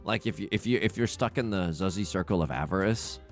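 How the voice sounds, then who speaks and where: A young man casually commentating his own game, dramatic and self-mocking, swinging from hushed mutters to loud outbursts. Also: low voice, brisk, soft background music. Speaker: let's play host.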